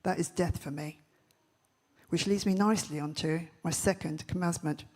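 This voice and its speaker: A woman giving a comic keynote talk on stage, telling punchy stories with quick, brash jokes. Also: fairly low pitch, steady tone, darkish tone. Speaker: festival speaker. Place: large event stage.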